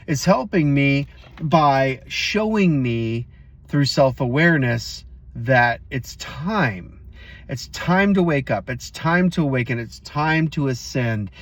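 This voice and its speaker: A man hosting a motivational vlog, telling a story casually and speaking straight to his viewers. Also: mid-range voice. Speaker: host.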